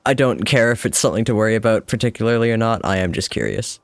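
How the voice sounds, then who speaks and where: A man's voice: on the low side, fast, dry recording. A man streaming a game with casual, chatty commentary, wry and self-deprecating, swearing now and then.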